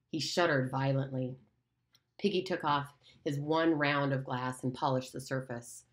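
A woman narrating an audiobook chapter in a steady, measured storytelling manner. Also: rumbling low. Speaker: audiobook reader.

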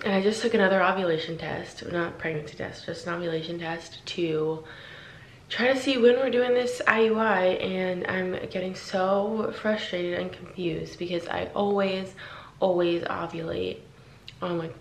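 A woman's voice: on the low side, steady tone, moderate pace, a little hiss or hum. A young woman vlogging casually at home, chatty and full of "like" fillers. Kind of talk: casual personal vlog.

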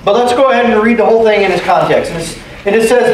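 High-voiced pastor preaching in an echoey church. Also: male voice, quick pace, a little hiss or hum. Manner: emphatic, repeats key phrases and calls for amens. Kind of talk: sermon. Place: church sanctuary. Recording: echoey room, distant mic, faint ambience.

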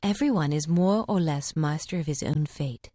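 A woman narrating fables for an audiobook in a measured, expressive reading. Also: low-pitched, dry recording, studio quality. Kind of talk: scripted storybook narration.

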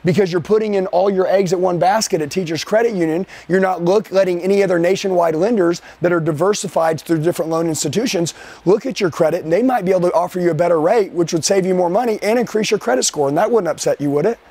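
A man leading a live sales training session for a team. He talks forcefully, keeps firing rhetorical questions at his listeners, and speeds up and slows down to drive points home. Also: high voice, slightly rough, no room sound.

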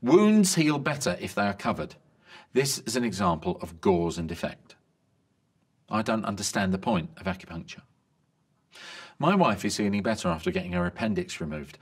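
A man reading a string of medical jokes in a lively delivery. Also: on the low side, moderate pace. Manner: lively joke delivery, bright voices for quoted lines.

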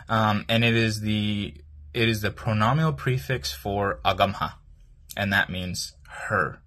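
A man teaching language, explaining a word piece by piece in a hesitant, explanatory way with many pauses and fillers. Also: fairly low pitch, a bit bright, husky.

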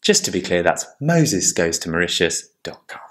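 A smarmy charity fundraiser, as a man puts him on, coaxing for donations in a low, smooth voice. He spells things out slowly and sweetly. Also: sing-song. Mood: pleading. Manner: smooth, slow, pleading.

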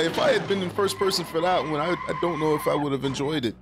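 A gaming YouTuber with a slightly high voice rattles off casual, rambling gameplay commentary at a quick clip, barely pausing, excitable, swearing constantly and packing in fillers. Loud game music sits behind him, and the noisy background is full of blaring music and car engine sounds.

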